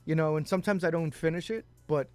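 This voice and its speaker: A man with a somewhat high voice chats casually as a talk show co-host, spinning loose anecdotes full of laughs and the odd curse. Soft music plays faintly behind him. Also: fast talker, clear, resonant tone, no room sound. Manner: storytelling, laughs often, swears. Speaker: podcast co-host. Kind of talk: casual chat.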